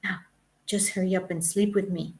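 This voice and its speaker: A woman's voice: medium pitch, steady tone, moderate pace, a little mellow, lightly acted. A woman voicing a crude, pushy Australian man with an Australian accent, in an audiobook reading. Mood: pleading. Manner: blunt, pushy. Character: brash, crude Australian man pleading for sex.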